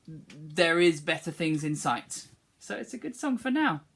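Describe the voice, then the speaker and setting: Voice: medium pitch, animated, measured pace, creaky, a bit bright, breathy edge. A music teacher leading an online singing lesson for schoolchildren, encouraging and demonstrating phrases for the class to repeat.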